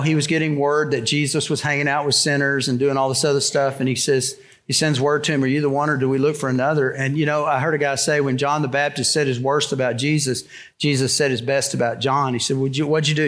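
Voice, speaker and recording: A man's voice: on the high side, fairly bright tone. Man preaching a conversational sermon. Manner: conversational, wry asides. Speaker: pastor.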